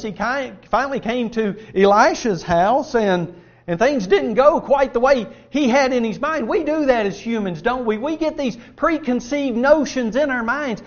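A high-voiced man preaches a sermon, reading scripture aloud in an earnest, folksy way and putting rhetorical questions to his listeners. The recording is muffled.

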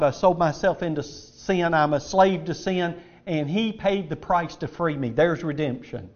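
A man's voice: on the high side, lo-fi sound. A man preaching a sermon in an auditorium, emphatic, repeating words for stress as he quotes scripture.

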